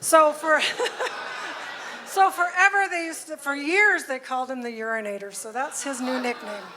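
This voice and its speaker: A woman's voice: sits high, steady tone, moderate pace, noisy background. A woman who was a cheer coach, telling a funny story about the host to the guests at a party, laughing as she goes.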